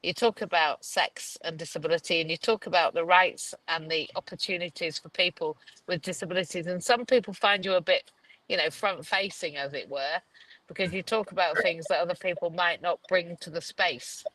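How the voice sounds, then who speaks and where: A woman's voice: fairly low pitch, normal speed, fairly bright tone, poor audio. A woman with a Yorkshire accent hosting a live video chat, gushing and rambling with many restarts, talking over a video call. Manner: rambling, effusive, restarts often. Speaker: host. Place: Dubai.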